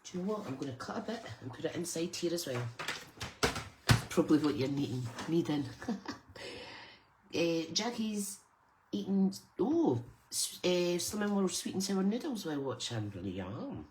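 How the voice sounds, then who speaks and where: Hosting a live crafting stream, a Scottish woman speaks at a moderate pace in a lowish voice with big pitch swings. She chats casually while she works, greeting viewers by name, over some background noise.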